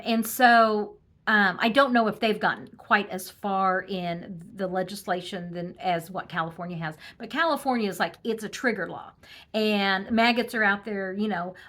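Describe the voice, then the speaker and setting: A woman reads tarot cards on camera, offering casual political commentary in a snarky, laughing manner full of ums and restarts. Her voice is mid-range and a bit bright.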